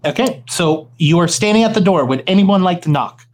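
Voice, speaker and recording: A game master describing the scene to the players, halting and full of fillers and restarts. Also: mid-range voice, lively intonation. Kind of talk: narrating a tabletop game.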